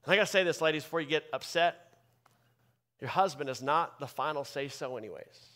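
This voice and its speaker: A man pastor delivering a sermon with emphatic preaching that swings from loud bursts to quiet asides. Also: on the high side, brisk.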